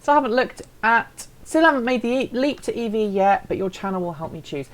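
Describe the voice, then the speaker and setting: A woman's voice: on the high side, expressive, a little fast. A woman hosting a casual live stream, chatting and answering viewer comments in a playful, self-deprecating way.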